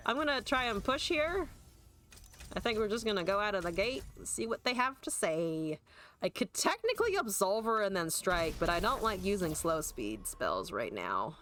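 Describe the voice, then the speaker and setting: While playing a card game, a woman streamer chats casually, makes jokes at her own expense, and swears now and then. Her voice is medium in pitch and fairly bright.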